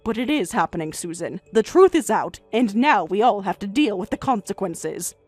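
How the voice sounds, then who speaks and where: A woman voicing a calm, firm older grandmother in a narrated story, speaking in a measured, steady way over faint music. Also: mid-range voice, slightly rough, no room sound.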